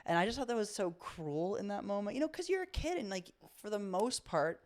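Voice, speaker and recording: A woman's voice: medium pitch, expressive, fairly quick, a little mellow. A woman from Florida co-hosting a podcast, chatty and joking as she tells a childhood story in casual conversation. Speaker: podcast co-host.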